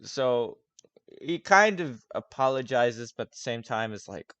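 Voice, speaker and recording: Man, game master, tabletop game narration, casual, hesitant, swearing, mid pitch, dry close sound. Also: animated, unhurried, fairly bright tone, clean tone, dry recording.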